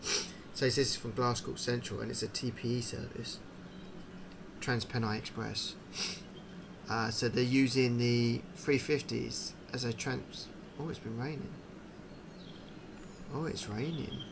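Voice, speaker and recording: Gravelly man musing over a game. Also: mid-range voice, fairly even intonation, measured pace, noisy background. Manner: chatty, musing aloud, puzzled asides. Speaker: gaming channel host. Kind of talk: casual game commentary.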